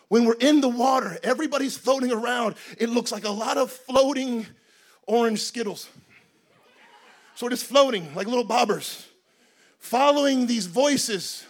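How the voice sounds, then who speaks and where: A man preaching a sermon in a lively, comic storytelling way, with bursts of shouting. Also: very high voice, normal speed.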